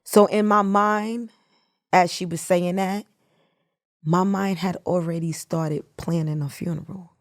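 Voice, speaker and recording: A middle-aged woman, the host's mother, telling a painful personal story in a reflective, soft-spoken way. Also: fairly low pitch, fairly even intonation, unhurried, dry recording, clean studio sound. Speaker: guest, mother of the host. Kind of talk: emotional personal recollection.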